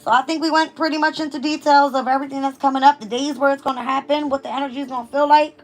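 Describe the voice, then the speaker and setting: Hoarse-voiced woman giving a tarot reading. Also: high-pitched, fairly even intonation, racing, faint music behind. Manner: reads passages aloud then riffs casually, swears. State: hoarse, losing her voice. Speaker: tarot reader. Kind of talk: casual collective tarot reading.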